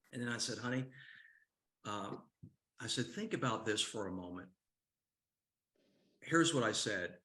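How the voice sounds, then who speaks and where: A man's voice: on the low side, expressive, measured pace, pauses often, sharp tone, roomy sound. An older man, a coach, telling a story and asking the audience questions in a motivational talk to a men's group.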